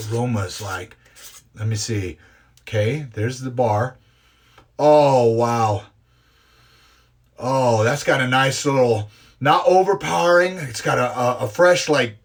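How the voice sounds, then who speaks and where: A man in his forties chatting excitedly through an impromptu live unboxing, gushing and talking with many fillers. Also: medium pitch. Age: 40s. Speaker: live streamer unboxing grooming products.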